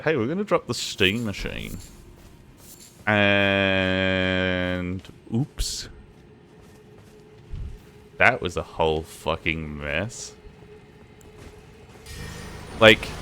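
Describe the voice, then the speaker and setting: Tired young streamer: rambling, sweary, bright edge to a lowish voice. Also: male voice. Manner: rambling, swears a lot, chatty asides to chat. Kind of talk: casual gaming stream chat.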